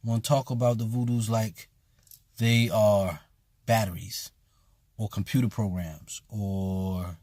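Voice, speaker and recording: A man's voice: on the low side, fairly even intonation, takes it slowly, a little mellow, no echo. A man who teaches at a voodoo temple, talking bluntly and casually with emphatic repetition. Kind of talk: casual spoken commentary.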